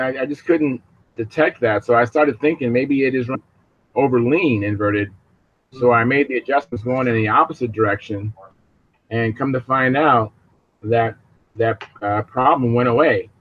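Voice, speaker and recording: A man's voice: medium pitch, normal speed, lo-fi sound. A man hosting a casual video hangout, talking in a rambling way with many fillers over a video call. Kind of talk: casual chat.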